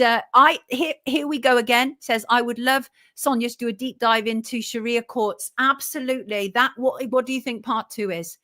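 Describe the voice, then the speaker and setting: A woman hosting a livestream, reading viewer comments aloud and answering them bluntly. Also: fairly high pitch. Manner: blunt and self-declared belligerent, thanking viewers warmly. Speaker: journalist and show host.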